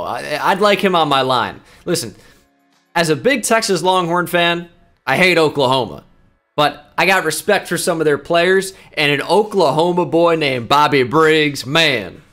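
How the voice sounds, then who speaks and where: Young male gaming host, self-mocking rambler, a bit high-pitched, soft music under him. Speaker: gaming YouTuber. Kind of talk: casual gameplay commentary.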